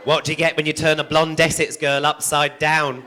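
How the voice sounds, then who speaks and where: A man's voice: on the high side, level tone, normal speed, sharp tone, a faint crowd. A man doing a crude, cheeky stand-up routine, telling jokes in a motherly stage persona. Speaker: stand-up comedian.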